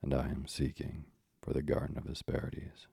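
A bold young hero, quick to anger, shouting back defiantly, as a man reads him aloud. The voice is very deep and flat, with a heavy gravelly edge. The storybook reading sounds dry and close. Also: no echo, full character voice.

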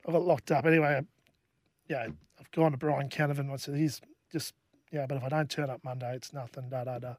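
A middle-aged Australian man, a former rugby league player, telling stories casually as a podcast guest, with a halting, laid-back delivery full of restarts. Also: mid-range voice, steady tone, dry recording, clean studio sound. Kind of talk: casual storytelling.

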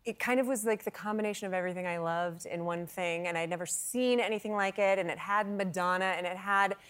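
A bubbly woman chatting on a late-night talk show, laughing easily and filling her stories with little asides. Her voice sits at an ordinary middle pitch. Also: quick pace, fairly bright tone, clear, resonant tone. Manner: bubbly, laughs often, lots of "like" and restarts. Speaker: actress and comedian guest. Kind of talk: casual talk show chat.

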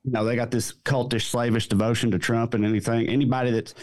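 A man's voice: medium pitch, flat delivery, fast, darkish tone, no echo, studio quality. A man, a comedian guest chatting casually on a podcast in a wry, rambling way. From Southern United States. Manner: drawling, rambling, wry, self-interrupting.

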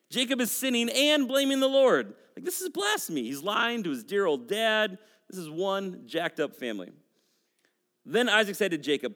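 A man's voice: sits high, big pitch swings, normal speed, bright, forceful tone, big-room sound. A man in his forties preaching a sermon, reading scripture with casual, joking asides. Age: 40s. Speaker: pastor.

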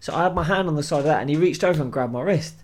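A young man tells stories in a casual podcast chat. His voice sits a little high, and he acts out the people in his stories with plenty of swearing. He talks in a loose, animated way. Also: rapid-fire. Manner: animated anecdote-telling with acted-out quotes and heavy swearing. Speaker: podcast co-host.

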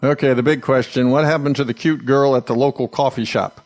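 A man's voice: medium pitch, steady tone, fairly quick, darkish tone. Playful male radio host. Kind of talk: radio interview.

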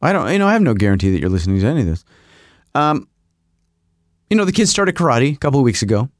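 Rambling man with a lively voice. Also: fast, dry recording, clean studio sound. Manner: rambling, self-mocking, mimics agency people in a higher voice. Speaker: podcast host. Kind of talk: casual solo monologue.

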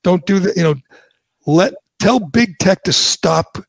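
Gravelly, heated talk radio host man. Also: high-pitched, measured pace, no echo. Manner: blunt, heated, repeats himself. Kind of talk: opinionated talk radio chat.

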